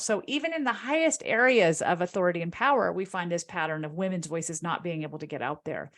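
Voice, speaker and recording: A female linguist and author fields audience questions with a low-ish voice, explaining things as if giving a lecture. Her pitch lifts with animation whenever she drives a point home.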